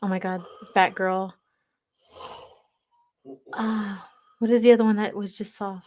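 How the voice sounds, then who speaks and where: A woman's voice: medium pitch, fairly even intonation, measured pace, a little mellow. A woman chatting casually with viewers on a livestream, teasing them and reading their comments aloud. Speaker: livestream reader.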